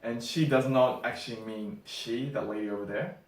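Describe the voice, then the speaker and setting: A man's voice: medium pitch, moderate pace. A young Australian man with an Australian accent, co-hosting a casual chat, easygoing and laughing often. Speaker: co-host. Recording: roomy, distant mic.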